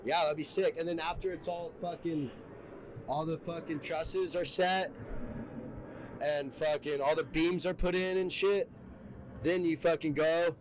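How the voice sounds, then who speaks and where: A man's voice: fairly high pitch, a little hiss or hum, rough recording. A young man, a podcast guest, telling stories in a casual, rambling way, full of swearing and filler words. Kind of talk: casual storytelling.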